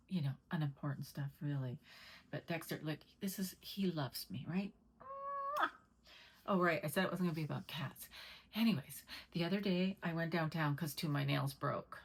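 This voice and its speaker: A woman's voice: low voice, low-quality recording. A middle-aged woman chatting casually to camera at home, rambling and talking to her cat between stories. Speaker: vlogger.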